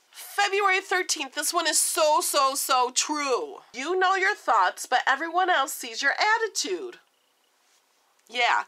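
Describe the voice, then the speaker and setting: Woman in her forties, casual vlogger, lively sing-song delivery, gives advice. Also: sits high. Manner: chatty, earnest, gives friendly advice. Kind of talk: casual chat to camera.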